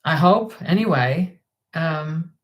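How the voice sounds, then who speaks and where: A woman's voice: low voice, lively intonation, takes it slowly. A woman hosts a casual livestream and talks off the cuff. She trails off, restarts her sentences and fills the gaps with ums as she replies to comments from the chat. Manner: rambling, hesitant, many ums and restarts, reading out chat comments. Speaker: livestream host.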